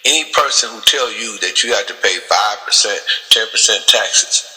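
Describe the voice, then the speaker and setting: Male host, AAVE, bright cutting voice, preachy rhetorical questions, reverby room. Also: lowish voice, normal speed. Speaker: podcast host. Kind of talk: casual political talk.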